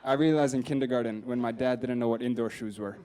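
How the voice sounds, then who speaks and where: A man's voice: medium pitch, fairly even intonation, fast, a crowd in the background. A man in his twenties performing a stand-up comedy set on a club stage, talking casually and with plenty of swearing. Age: 20s. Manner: profane, conversational, acts out quoted characters.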